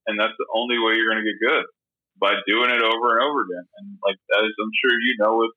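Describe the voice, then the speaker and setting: A man's voice: on the low side, phone-quality sound. A man from Long Island, a jewelry maker and podcast guest, talking casually and rambling with lots of swearing. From Long Island, New York. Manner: laid-back, swears constantly, rambling.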